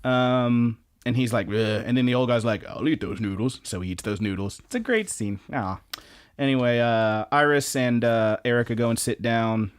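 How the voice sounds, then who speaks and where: A man's voice: medium pitch, lively intonation, normal speed, clean tone. Male podcast co-host, loose and rambling, swears freely, mid-range voice. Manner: rambling, profane, lots of fillers and restarts. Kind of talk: casual chat recapping anime.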